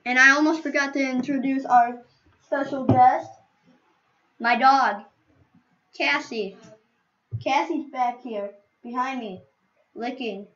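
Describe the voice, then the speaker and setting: A woman gaming streamer with a high, bright, sharp voice chats to viewers in a silly, wandering way. She talks slowly and drifts between jokes and asides. The sound is dull and lo-fi, as from a cheap computer mic. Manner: playful, rambling, silly asides. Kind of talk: casual gameplay chatter.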